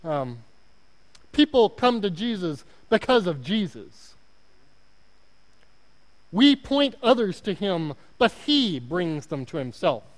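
High-voiced Oklahoma preacher in a reverberant church. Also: male voice, very animated, takes it slowly, long pauses. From Oklahoma, United States. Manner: earnest, self-deprecating, repeats words when emphasizing. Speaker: guest preacher. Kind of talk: sermon. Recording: long hall reverb.

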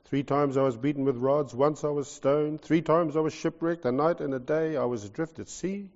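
Animated New Zealand preacher, lo-fi recording. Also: male voice, on the high side, moderate pace, long reverb tail. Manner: animated, jokey, swings from loud to soft. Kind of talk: sermon. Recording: lo-fi muffled recording.

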